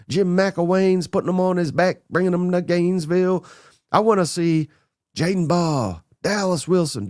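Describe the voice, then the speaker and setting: Man, podcast host, slightly high voice, blunt and excitable, close dry mic. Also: no echo. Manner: blunt, excitable, runs through names rapid-fire. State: a little under the weather. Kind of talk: casual sports talk monologue.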